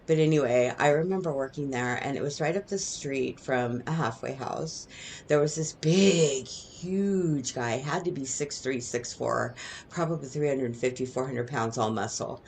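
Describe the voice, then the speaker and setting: A woman's voice: a bass voice, unhurried, a little mellow, a little hiss or hum. A middle-aged woman telling stories from her past in a casual, rambling way, often tagging her sentences with "right?". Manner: rambling, digressive, lots of "right?" tags. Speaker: vlogger. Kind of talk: casual storytelling monologue.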